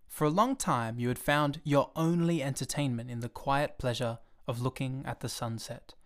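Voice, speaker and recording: A man reading a storybook aloud in a gentle, expressive and unhurried way. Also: a little high. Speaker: storybook reader.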